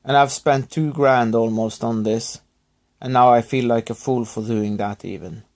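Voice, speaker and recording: A man recovering from illness, talking to his viewers in a subdued, halting, apologetic way with many restarts. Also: medium pitch, fairly even intonation, darkish tone. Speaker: YouTuber thanking subscribers. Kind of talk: rambling personal vlog.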